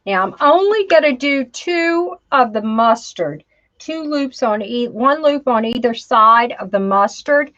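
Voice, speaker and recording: A woman's voice: on the high side, expressive, a little slow, a bit bright, highs cut off. A woman teaching a live crafting tutorial, chatting to herself as she works and calling her viewers "y'all". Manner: chatty, talks to herself while working, says "y'all". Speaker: craft instructor.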